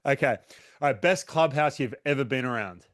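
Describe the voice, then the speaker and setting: A male podcast host firing off quick interview questions, laughing often and tripping over his words. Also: mid-range voice, fairly bright tone. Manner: laughs often, stammering restarts, playful. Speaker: host, former pitcher. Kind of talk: rapid-fire interview questions.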